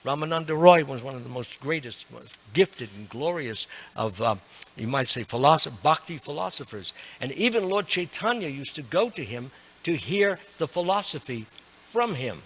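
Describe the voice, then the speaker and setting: A man's voice: fairly high pitch, big pitch swings, moderate pace, a bit bright. An older man giving a devotional sermon to a temple class, earnest and emphatic with self-deprecating asides. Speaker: monk lecturing a temple class.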